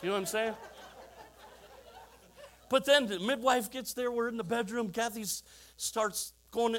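A man's voice: very high voice, moderate pace, pauses often, fairly bright tone, some chatter behind. A middle-aged man preaching a sermon, telling stories with chuckling asides and rhetorical questions to the congregation. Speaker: pastor.

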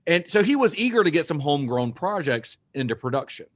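A man co-hosting a podcast, retelling researched history in a casual, steady way with dry asides. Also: a little high, brisk. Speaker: podcast co-host.

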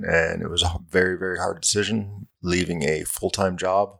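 A man's voice: low voice, gravelly, a bit bright. A middle-aged man, a fire captain, telling his story in a blunt, profane, self-mocking way in a casual interview. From Southern California.

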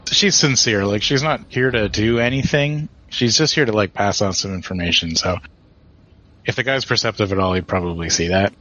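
Bright-toned man narrating his character. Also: fairly low pitch, moderate pace. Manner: casual, hedging with fillers. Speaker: player. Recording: dull lo-fi podcast audio.

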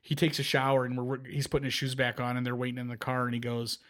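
A man hosting a casual podcast, telling stories in a rambling, animated way, with frequent restarts, into a podcast microphone. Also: mid-range voice, quick pace. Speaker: podcast host. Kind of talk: casual chat.

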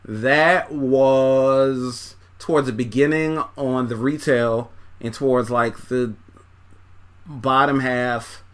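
A man talks through an album one song at a time, handing out scores in a relaxed, rambling way. His speech is loose and profane and full of fillers and restarts. He sounds like he is folding laundry as he goes. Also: medium pitch, takes it slowly. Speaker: music reviewer. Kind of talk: casual track-by-track album review.

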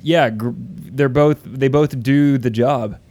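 Brief: male podcast co-host, relaxed chatter, profane and halting, close dry recording. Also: medium pitch, no room sound. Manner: loose and profane, with frequent restarts. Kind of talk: casual chat.

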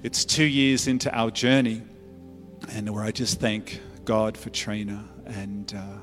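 A man's voice: lowish voice, little pitch movement, a little slow. A middle-aged Australian man, a pastor giving an earnest sermon testimony in a conversational storytelling way, often restarting his phrases. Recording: echoey church hall with faint music.

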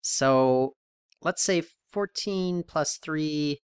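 A man co-hosting a podcast in casual chat, thinking aloud and rambling with restarts and animated questions. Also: a little high, very slow, smooth, no echo, clean studio sound. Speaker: podcast co-host.

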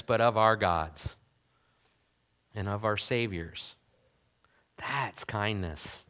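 A man, a pastor, preaching a conversational sermon full of rhetorical questions, swinging from loud emphasis to hushed asides. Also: medium pitch.

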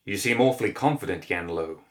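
Brief: a male reader doing a gloating old plague demon, low, mocking storybook villain. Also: lively intonation, fairly quick, a bit bright. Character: gurgling plague demon, old, taunting, cruel.

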